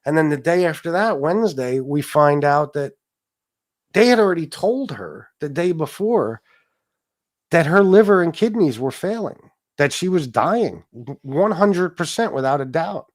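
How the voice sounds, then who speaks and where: This political talk show host speaks at a measured pace in a fairly high voice with big pitch swings during a casual live stream. His talk is emotional, rambling and profane, full of restarts, asides and the odd curse.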